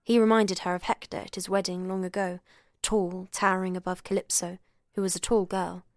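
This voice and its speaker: A woman's voice: lowish voice, level tone, brisk, no echo. Woman reading a novel aloud, dry studio sound. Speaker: reader. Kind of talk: audiobook reading of a literary novel.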